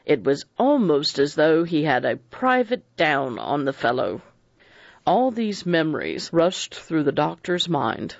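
A man narrating an audiobook in an even, unhurried storytelling manner. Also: fairly high pitch, gravelly, no echo, muffled recording. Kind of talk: scripted narration.

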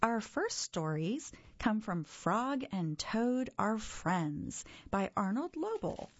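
Slow, gentle woman reading a storybook. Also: mid-range voice, big pitch swings, slightly rough, dry recording, highs cut off. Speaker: audio reader for a reading service. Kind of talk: reading a children's story aloud.

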